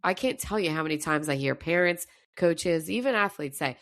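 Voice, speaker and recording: A woman's voice: deep voice, animated, normal speed, a bit bright, dry recording. A woman coach giving a fired-up motivational talk, her voice slightly scratchy. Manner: emphatic, fired up. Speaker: mental performance coach.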